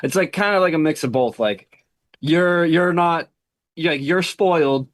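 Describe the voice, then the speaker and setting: A man co-hosting a casual movie review podcast, talking in quick, agreeable asides. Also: a little high, no echo. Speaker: podcast co-host.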